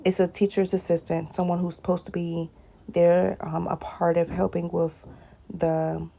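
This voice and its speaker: A woman's voice: fairly low pitch, level tone, unhurried, vocal fry, dark tone. A woman speaking straight to her viewers in a personal video blog, often addressing them directly and repeating short phrases.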